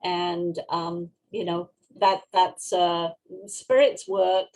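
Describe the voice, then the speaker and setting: A woman's voice: lowish voice, level tone, slow pace, darkish tone, rough recording. A woman who runs a small-animal rescue, speaking earnestly and gratefully in a casual interview. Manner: earnest, grateful, laughs easily.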